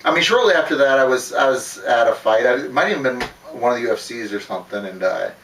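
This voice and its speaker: A man's voice: medium pitch, expressive, fast talker, fairly bright tone, slight background noise. A man telling a personal story in a casual, rambling way, swearing often and laughing between words. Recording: roomy, distant from the mic.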